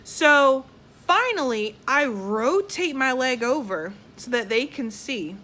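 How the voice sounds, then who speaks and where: Bright-voiced Southern woman, blunt and candid. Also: a little high, unhurried. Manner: candid and blunt, with frequent profanity; animated, acts out quoted people. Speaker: vlogger. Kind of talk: casual storytelling.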